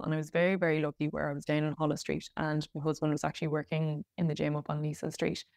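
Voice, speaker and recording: A woman's voice: low-pitched, level tone, fast, vocal fry, darkish tone, no echo, studio quality. An Irish woman hosting a podcast, telling a personal story in a candid, rambling way with many fillers and restarts. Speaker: podcast host.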